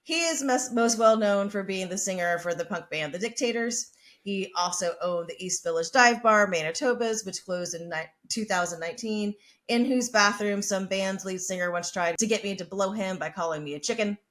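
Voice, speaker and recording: A woman's voice: medium pitch, normal speed, fairly bright tone. Foul-mouthed woman telling a story. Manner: profane, chatty, brash. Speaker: podcast host. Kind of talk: casual storytelling.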